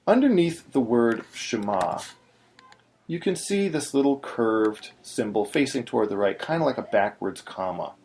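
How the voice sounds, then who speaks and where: A man's voice: mid-range voice, expressive, normal speed, a little mellow, a little hiss or hum. A man teaching in a patient, explanatory way, now and then breaking into short sung syllables. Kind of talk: screen-recorded tutorial.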